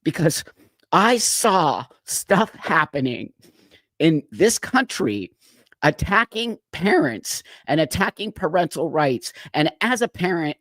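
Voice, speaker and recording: A man's voice: fairly high pitch, big pitch swings, slow, fairly bright tone, no echo, studio quality. A middle-aged man hosting a live stream, talking earnestly and emphatically, his voice cracking with emotion.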